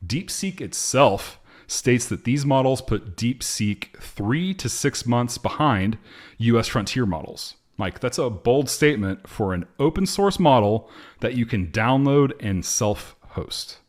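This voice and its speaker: A man hosting a podcast, reading headlines in a measured way, then chatting casually. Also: mid-range voice, expressive. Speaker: podcast host.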